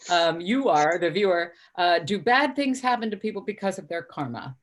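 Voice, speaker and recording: Female host, low pitch, chatty and earnest live-stream talk on a video call. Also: animated, normal speed. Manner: earnest, chatty, reads viewer comments aloud.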